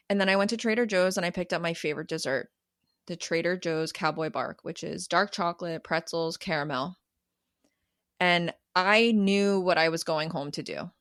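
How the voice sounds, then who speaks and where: A woman's voice: lowish voice, fairly bright tone, dry recording, studio quality. A woman in her thirties hosting a solo podcast as a coach, talking candidly and emphatically with casual swearing. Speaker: podcast host and cravings coach.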